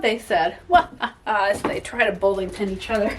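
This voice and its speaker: Woman home vlogger, slightly high voice, playful and jokey, recorded from a distance in a room with echo. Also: moderate pace, slight background noise. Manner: playful, joking, self-mocking asides. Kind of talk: casual chatty vlog while cleaning. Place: inside a house. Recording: echoey room, mic far off.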